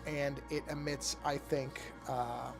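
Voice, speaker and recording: A man's voice: mid-range voice, little pitch movement, slow pace, creaky, over music. A middle-aged man chatting casually on a live art stream as he paints, thinking aloud with many restarts and yawning now and then. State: yawning often. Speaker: artist streaming his work.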